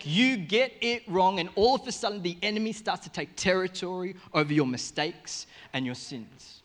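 Australian male pastor, slightly higher voice, animated joking sermon delivery. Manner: joking, animated storytelling with sudden loud and soft swings. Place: church service in front of a congregation.

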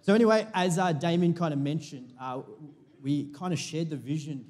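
A man's voice: a little high, moderate pace, a little mellow. A man preaching a sermon to a church congregation, in a chatty, joking manner with frequent restarts. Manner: chatty, jokey, self-interrupting preaching. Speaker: pastor.

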